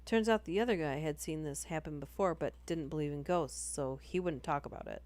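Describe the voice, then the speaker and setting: A woman's voice: deep voice, fairly quick, darkish tone. A woman reading ghost stories aloud on a livestream in a casual, chatty way, breaking off into giggles between passages.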